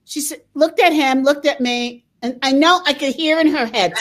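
An older woman hosting a talk show, chatting casually and breaking into laughter often. Her voice sits a little high as she tells lively stories. The delivery stays relaxed and conversational throughout. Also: normal speed.

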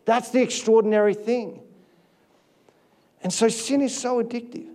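Aussie guy preaching a sermon, kinda high voice, chatty confessional stories, lots of stops and restarts. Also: moderate pace. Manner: confessional, animated storytelling with many restarts. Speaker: guest pastor.

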